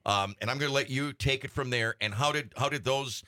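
A man's voice: medium pitch, a little fast, sharp tone. A man hosting a local radio talk show, upbeat and earnest as he chats with a guest in the studio. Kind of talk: casual radio chat.

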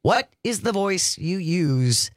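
A man's voice: sits high, big pitch swings, slow, dry recording, studio quality. A man hosting a radio talk show, upbeat and coaxing listeners to call in. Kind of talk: casual radio chat. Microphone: studio microphone.

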